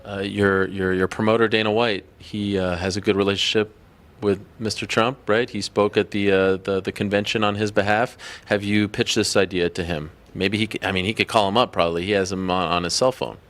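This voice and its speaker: A man's voice: fairly low pitch, fairly even intonation, brisk, fairly bright tone. A male interviewer asking long, stumbling questions full of fillers.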